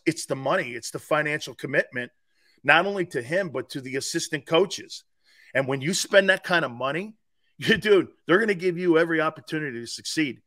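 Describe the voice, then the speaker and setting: As a guest on a laid-back podcast, a fifties-aged man with a voice on the high side talks about his time as a player and sports radio host. He gets emphatic and animated, now and then erupting into loud outbursts.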